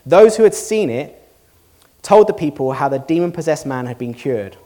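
A man's voice: on the high side, animated, normal speed, warm tone. A male pastor giving a sermon to a congregation, earnest and conversational, asking the room rhetorical questions. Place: church hall before a congregation.

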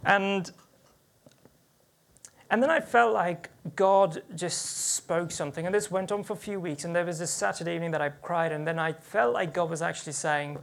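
Gravelly-voiced preacher telling a personal story. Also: medium pitch, moderate pace. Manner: earnest, personal storytelling with frequent restarts. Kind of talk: sermon with personal testimony. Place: church.

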